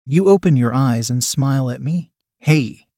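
A man reads a written story aloud in a measured, unhurried voice, pronouncing even the punctuation marks. His voice sits in the middle of the male range. It is recorded close and dry, with no room sound around it. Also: medium pitch, no echo. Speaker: story narrator. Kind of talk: scripted story reading.

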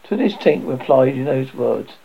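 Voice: mid-range voice, expressive, moderate pace, creaky, breathy edge. A reader doing an amateur storybook reading with frequent slips and restarts, on a dull lo-fi recording. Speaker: audiobook reader.

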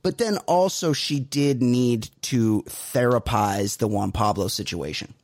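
Husky-voiced man, casual podcast chat. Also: mid-range voice, unhurried. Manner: profane, animated retelling with mocking impressions. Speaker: podcast co-host.

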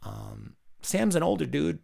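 With a warm, creaky voice pitched on the high side, this man hosts a podcast and tells a lengthy, foul-mouthed anecdote at a measured pace. He drifts through the tale casually, acting out what others said.

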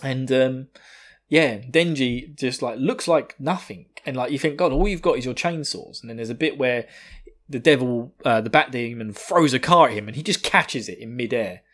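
A man's voice: medium pitch, normal speed. A man in a mid-range voice recapping an anime episode for a podcast. He talks casually, swears freely and laughs through his retelling, acting out the lines with relish. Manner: laughing, profane, animated retelling. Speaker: podcast co-host.

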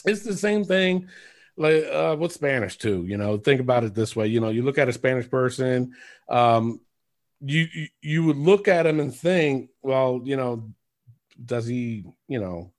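A man's voice: medium pitch, lively intonation, normal speed. A man co-hosting a podcast in casual chat, rambling and swearing freely, often laughing. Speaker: podcast co-host.

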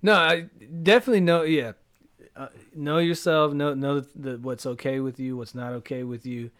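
A man's voice: on the high side, fairly even intonation, moderate pace, a bit bright. A man co-hosting a casual podcast who muses earnestly and reflectively. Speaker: podcast co-host.

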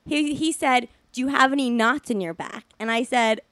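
A woman's voice: on the high side, normal speed, a crowd in the background. A woman co-hosting a podcast, telling a story in casual chat, rambling and laughing through it with lots of "like". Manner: rambling, heavy use of "like", laughs through her stories. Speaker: podcast co-host.

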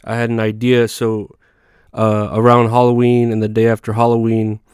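A man's voice: fairly low pitch, monotone, moderate pace, darkish tone, smooth, dry recording, studio quality. A young man hosting a podcast, rambling through a profane comedic rant with lots of fillers and restarts. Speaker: podcast host.

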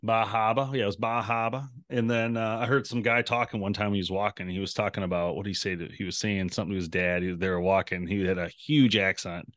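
A man's voice: on the low side, fairly even intonation, fast, hardly any pauses, fairly bright tone, no room sound, clean studio sound. A man co-hosting an outdoors podcast, chatting casually and rambling through travel stories. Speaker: podcast co-host. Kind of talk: casual chat.

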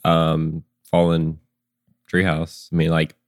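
A man running a tabletop game as game master, talking in a loose, halting way full of ums and likes. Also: very deep voice, monotone, no room sound, clean studio sound.

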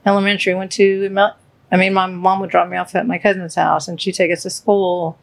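A woman co-hosting a podcast with her spouse, speaking in a halting, hesitant, emotional way. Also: fairly low pitch, flat delivery, vocal fry. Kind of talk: casual heartfelt podcast chat.

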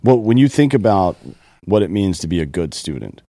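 A man's voice: low-pitched, very animated, brisk, warm tone, no echo, clean studio sound. A man from South Carolina, a podcast co-host, talking in profane, wry casual banter.

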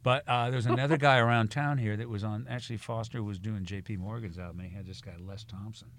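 A man's voice: lowish voice, steady tone, fast, a bit bright. A man telling stories about his music career in a casual chat, often mimicking the people he quotes. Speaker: guest musician.

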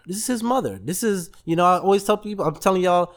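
Male podcast host, slightly high voice, animated storyteller who does the voices. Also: fast talker. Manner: animated storytelling, acts out voices in quotes, laughs often. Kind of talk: casual motivational talk.

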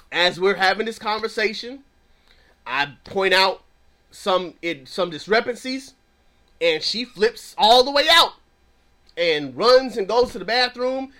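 A man's voice: high voice, pushed and bright. A man who counsels clients, teaching in an emphatic preaching style with a repetitive cadence.

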